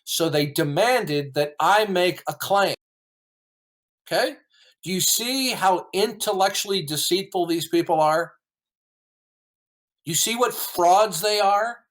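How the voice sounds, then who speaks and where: A man's voice: high-pitched, takes it slowly, long pauses, a bit bright. A man arguing combatively on a podcast, indignant and full of rhetorical questions. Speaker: caller recounting a call-in debate. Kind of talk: argumentative podcast talk.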